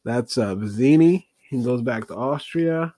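A man's voice: mid-range voice, lively intonation, unhurried, mellow, no room sound. A man rambling through a casual movie review, hesitant and full of fillers as he looks things up while talking.

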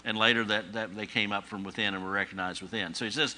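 Bright-voiced man teaching a sermon. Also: fairly low pitch, steady tone, fast. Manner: conversational teaching with rhetorical questions and dry humor; emphatic repetition, rising on key phrases. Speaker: pastor.

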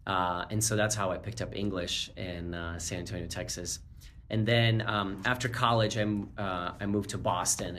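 Deep-voiced, this Ukrainian-born executive in his forties, whose first language is Russian, has an American accent. He chats as a guest in a casual interview, relaxed, chuckling, and heavy on fillers, over slight hiss or hum.

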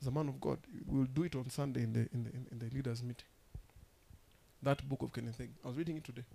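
A man preaching a sermon as pastor, emphatic and rousing, with sudden loud outbursts. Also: mid-range voice, fairly even intonation, fast talker, vocal fry, slight background noise.

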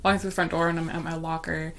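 A woman's voice: sits low, level tone, racing. A woman telling a story in casual chat, talking loosely with lots of fillers and laughing as she goes.

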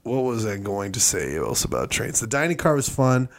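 Male podcast host, expressive range, chatty comic storyteller. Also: on the low side, normal speed, gravelly. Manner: animated storyteller, slips into voices and impressions. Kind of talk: casual comedic storytelling.

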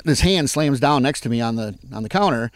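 Fast-talking, energetic man. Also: mid-range voice, no room sound. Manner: energetic, repeats phrases while telling stories. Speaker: guest speaker on farm mental health. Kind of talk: animated storytelling in conversation.

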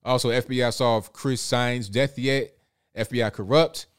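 In a clean, steady, mid-range voice at a moderate pace, a man hosts a casual live stream and reads viewer super chats aloud. He keeps it loose and chatty, frequently repeating words and chuckling.

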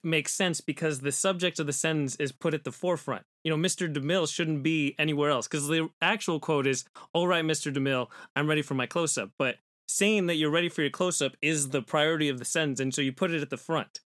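A man's voice: on the high side, fairly quick, hardly any pauses, fairly bright tone, no echo, studio quality. A man co-hosting a casual podcast chat, reasoning through points in an explanatory way. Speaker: podcast co-host.

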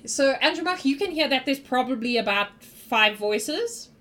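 A woman's voice: sits high, expressive, normal speed, sharp tone. A woman narrating as game master in a tabletop game, loose and giggly, rambling through descriptions.

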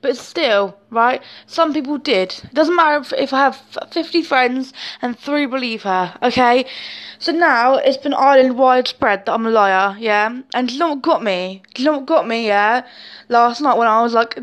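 A woman's voice: high-pitched, normal speed, fairly bright tone. A young woman speaking to camera in an emotional personal monologue, intense and emphatic, often swearing and ending points with "yeah?". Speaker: vlogger.

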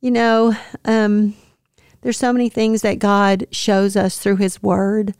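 Earnest woman with a gravelly voice. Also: medium pitch, little pitch movement, takes it slowly, dry recording, studio quality. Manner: earnest, tender, with soft laughs. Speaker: podcast host. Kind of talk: devotional podcast reflection.

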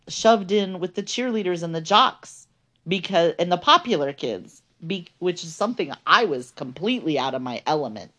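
Earnest woman telling her life story. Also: on the low side. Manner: earnest, conversational, many fillers. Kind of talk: personal storytelling podcast.

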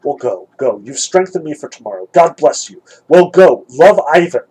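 A guy reading a desperate accused man begging for the truth, breathy husky voice, kinda high, pushy bursts. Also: lively intonation, moderate pace, darkish tone, poor audio. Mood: relieved urgent. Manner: pleading, urgent bursts.

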